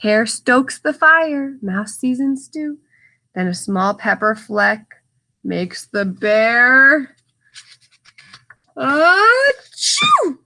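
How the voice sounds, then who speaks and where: This woman's fairly high voice takes its time as she reads a picture book to kids. Along the way she stops to put words into simple terms, adding playful asides and sound effects.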